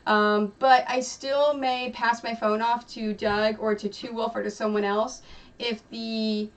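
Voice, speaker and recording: A woman's voice: fairly high pitch, flat delivery, a little slow, distant mic, rough recording. Chatty woman streamer, a bit off-mic. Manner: chatty and rambling, with many fillers. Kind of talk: casual chat while quilting. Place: home craft room. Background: music playing.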